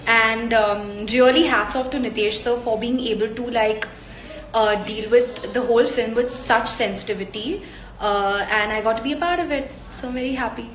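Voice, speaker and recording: Chatting casually on a live stream, a young woman with an Indian accent and a slightly high voice speaks at a moderate pace, bubbly and laughing often as she reads fan comments aloud and sends hugs and kisses. She's in an indoor room away from home on a work day, and the phone stream sounds echoey.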